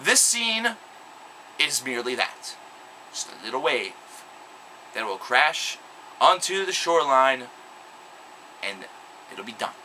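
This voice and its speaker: A man's voice: mid-range voice, big pitch swings, slow, pauses often, sharp tone, a little hiss or hum, poor audio. A young man delivering an angry, sarcastic, profanity-laced vlog rant. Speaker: video blogger. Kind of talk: ranting vlog monologue.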